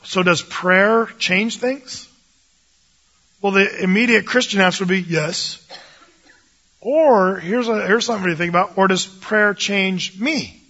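A man's voice: high voice, unhurried, bright, forceful tone, highs cut off. A man teaching the Bible in a casual, jokey way, acting out the voices of biblical figures.

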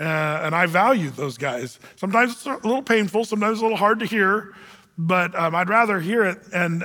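A man delivers a sermon in a large, echoing hall. His voice sits high and bright, and he tells the scripture story with animated energy, slipping into little voices for the characters. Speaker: pastor.

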